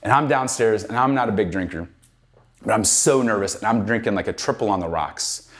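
A middle-aged man giving a keynote talk, telling a story in an animated, conversational way with lots of "like". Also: on the low side, a little fast. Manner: animated, conversational, heavy use of "like". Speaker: keynote speaker.

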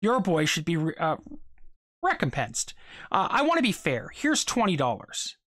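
A reader voicing a smooth, jovial rich man. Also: mid-range voice, wildly swooping pitch, normal speed, a bit bright, no echo, studio quality. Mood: persuasive. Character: smooth wealthy businessman, jovial and persuasive.

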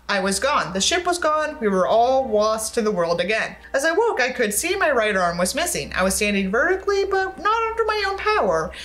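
A woman's voice: fairly high pitch, a bit bright, rough recording. A woman reading a novel aloud as a book reviewer, breaking off for wry, sarcastic comments.

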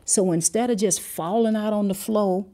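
A woman's voice: medium pitch, normal speed, dark tone. A middle-aged woman giving a livestreamed devotional talk, telling a personal story earnestly and drifting off before circling back to her point. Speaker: Christian teacher and mentor. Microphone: livestream camera mic.

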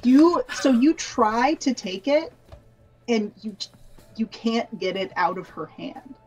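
A woman narrating as game master of a tabletop role-playing game, chatty and relaxed, with a lot of fillers. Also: on the high side, slow pace, loud music behind the voice, low-quality recording. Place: home streaming setup.

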